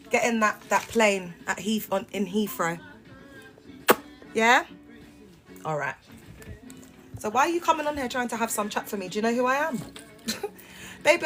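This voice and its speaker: A woman's voice: a little high, fairly bright tone. A woman, talking on a phone live stream and confronting her viewers in a sassy, heated way. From United Kingdom. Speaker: livestreamer. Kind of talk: casual live-stream rant.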